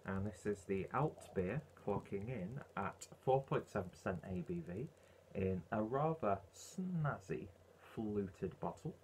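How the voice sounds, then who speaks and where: Chatty lower-voiced beer vlogger. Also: male voice, lively intonation, measured pace, a little mellow, a little hiss or hum. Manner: chatty, rambling, frequent ums and uhs. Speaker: beer reviewer. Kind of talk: casual beer review vlog.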